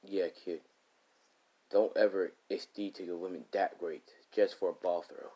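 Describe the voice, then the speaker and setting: A man's voice: low voice, steady tone, a little slow, dark tone. A man doing Aizawa, curt stern teacher. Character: gruff weary male teacher.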